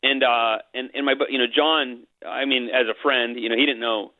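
A man's voice: medium pitch, fairly even intonation, no echo. A middle-aged man, an interview guest, telling a personal story candidly and emotionally, mixing in jokes. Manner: candid, emotional, quick to joke. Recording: tinny phone-line sound.

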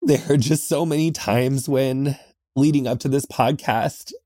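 A man of middle pitch hosts his own podcast and talks earnestly, picking his words slowly with many pauses and restarts. He records in a small closet, so the sound is close and dry, with no room echo. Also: dark tone. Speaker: podcast host. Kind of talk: heartfelt solo podcast talk.

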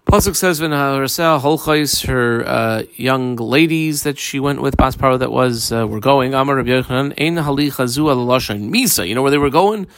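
Male Talmud teacher, gravelly voice, dry close sound, casual and halting delivery. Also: medium pitch, a bit bright, no echo. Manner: casual, halting, many fillers. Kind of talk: daf yomi Talmud lesson, translating Aramaic aloud.

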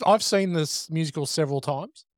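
Animated man telling stories. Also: on the high side, normal speed, no room sound, studio quality. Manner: animated storyteller, acts out quotes. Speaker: podcast co-host. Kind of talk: casual movie podcast chat.

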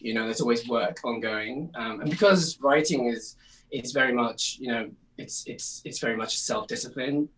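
A man's voice: mid-range voice, moderate pace, a bit bright. A British man who writes songs, chatting as an interview guest with lots of fillers and easy laughs. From United Kingdom. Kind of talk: casual interview. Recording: distant mic, faint noise.

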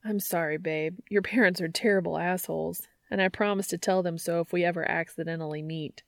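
Storybook role: a cheeky young boyfriend, voiced by a woman in her own gravelly tone, quick to tease. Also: on the low side, steady tone, dry recording. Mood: warm. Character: playful cocky young man, teasing boyfriend. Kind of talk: audiobook fiction reading.

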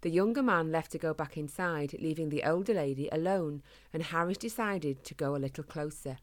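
A woman reading a children's storybook aloud in a gentle, measured way. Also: sits low.

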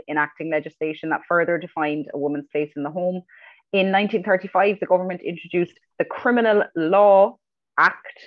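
An Irish woman co-hosts a casual history podcast, speaking earnestly and repeating words as she begins a thought. Her voice is fairly low and narrow, and the audio sounds tinny.

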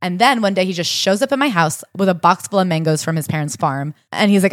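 Female podcast co-host, fast and animated retelling, slightly low voice, dry booth sound. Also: no room sound. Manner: animated storytelling, acts out quotes with rising indignation. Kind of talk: casual book discussion.

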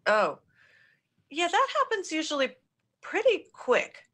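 A woman's voice: sits high, wildly swooping pitch, a bit bright. A woman executive consultant answering questions in a business podcast interview, explaining in an affirming way. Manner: affirming, explanatory, quick repeated yeses.

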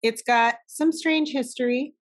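A woman's voice: high voice, unhurried. A woman co-hosting a podcast in casual chat, talkative and swearing freely. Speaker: podcast co-host.

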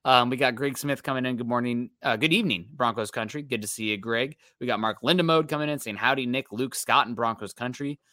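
A man's voice: medium pitch, fast, hardly any pauses, bright, forceful tone, no echo, clean studio sound. A man co-hosting a fan livestream, casually reading out viewer comments and greeting the chat. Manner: reads viewer comments aloud, easygoing.

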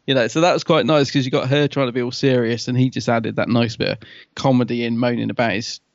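A man co-hosting a podcast, chatting casually and excitedly and laughing often. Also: medium pitch, fast talker, dry recording, lo-fi sound. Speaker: podcast co-host. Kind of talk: casual chat.

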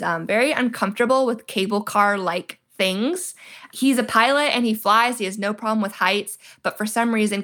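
A woman's voice: medium pitch, a bit bright. A young woman, a military spouse guest on a podcast, telling her story animatedly and acting out quoted dialogue with lots of "like". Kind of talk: casual storytelling interview.

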